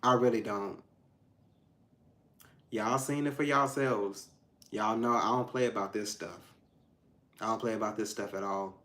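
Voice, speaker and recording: A man giving a casual tarot reading to his viewers, emphatic and frank, swinging between loud outbursts and low asides. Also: fairly even intonation, measured pace, pauses often. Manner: frank and profane, addressing viewers directly. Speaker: tarot reader.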